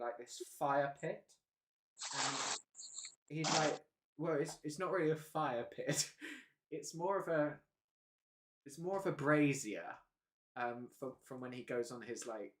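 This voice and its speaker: A man's voice: medium pitch, noisy background. A man hosting a live stream, chatting casually and rambling with frequent hesitations and laughs. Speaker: livestream host.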